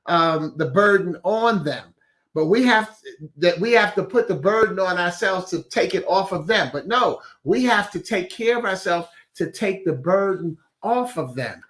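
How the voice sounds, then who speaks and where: A man's voice: high-pitched, lively intonation, unhurried, a bit bright. A man hosting a weekly inspirational message in a chatty, casual way, laughing at his own wordplay and reading out viewer comments. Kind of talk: casual motivational talk.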